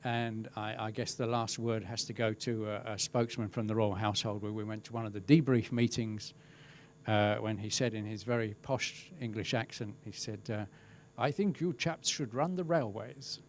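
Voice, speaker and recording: A middle-aged man, a crowd safety specialist, giving a webinar talk with relaxed, wry storytelling. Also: on the low side, normal speed, a little hiss or hum. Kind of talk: webinar presentation, telling an anecdote.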